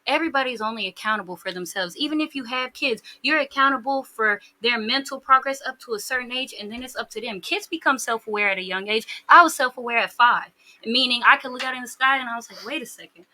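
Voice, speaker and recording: A woman's voice: fairly high pitch, quick pace, hardly any pauses, bright, forceful tone. A woman giving blunt opinions in a podcast discussion. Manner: frank, blunt, argumentative.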